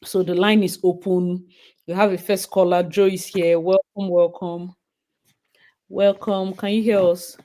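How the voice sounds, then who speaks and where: A woman hosting a live stream, chatting casually and thanking viewers with bursts of excitement. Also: fairly low pitch, measured pace.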